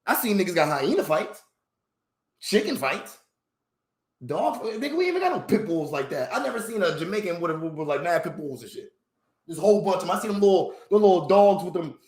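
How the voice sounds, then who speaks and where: In a profane, meandering vlog monologue, a man rants with animation, heavy slang, curses and rhetorical questions. He speaks high and a little fast, and the recording has a roomy echo.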